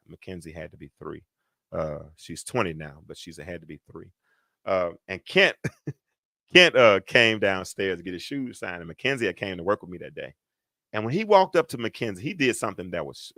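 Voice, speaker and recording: Animated, bright-voiced man preaching. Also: low voice, fairly quick, vocal fry, no room sound, clean studio sound. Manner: emphatic, repetitive preaching cadence. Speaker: preacher and show host. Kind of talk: livestreamed sermon.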